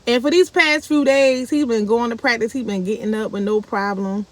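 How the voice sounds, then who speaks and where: Woman, chatty vlog storyteller who acts out every quote. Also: normal speed. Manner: animated, acts out quoted speech with big pitch jumps. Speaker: vlogger. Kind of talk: casual storytelling to viewers.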